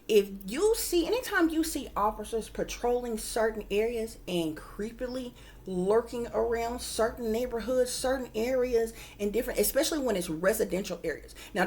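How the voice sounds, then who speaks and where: A woman's voice: a little high, darkish tone. A woman working as a psychic reader, telling her viewers a story in casual, emphatic talk, often calling them "y'all" and swearing freely.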